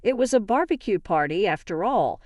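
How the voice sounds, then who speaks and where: A woman's voice: mid-range voice, moderate pace, no echo. A woman narrating a dramatic first-person family story, reading every character's lines in much the same voice. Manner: reads all characters in an even narrating voice.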